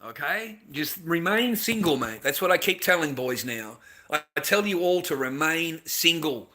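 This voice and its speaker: A man's voice: on the high side, animated, normal speed, sharp tone. A middle-aged Australian man ranting casually to his viewers, rambling and lecturing with constant swearing.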